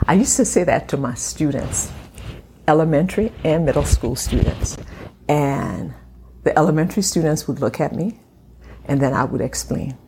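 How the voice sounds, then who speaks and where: A middle-aged woman hosting a faith podcast from her home, talking in an encouraging way and slowing down to stress her points. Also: low voice, animated, mellow, slight background noise. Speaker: podcast host. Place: home room at a glass table.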